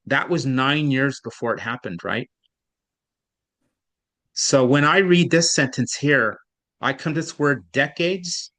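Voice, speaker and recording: A man's voice: mid-range voice, slow, pauses often, fairly bright tone. Patient man tutoring reading online. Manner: patient, explanatory, rambling with restarts.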